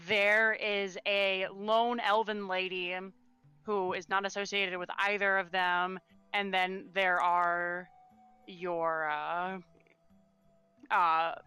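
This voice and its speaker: A woman running a tabletop game as game master, narrating with halting restarts and fillers. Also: mid-range voice, steady tone, sharp tone, smooth, faint music behind. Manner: halting, self-correcting, fillers.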